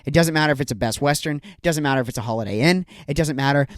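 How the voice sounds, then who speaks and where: A man's voice: fairly high pitch, racing, dry recording, studio quality. A young man hosting a comedy podcast, ranting in a mock-angry way with lots of rhetorical questions. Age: young adult. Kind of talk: solo comedic rant.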